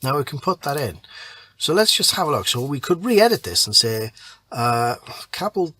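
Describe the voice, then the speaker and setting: A man teaching creative writing. He reads a draft story aloud and then rewrites it, thinking aloud and pausing over words as he edits. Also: medium pitch, sing-song, pushed and bright. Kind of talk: reading a draft aloud and editing it. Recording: keyboard typing audible behind voice.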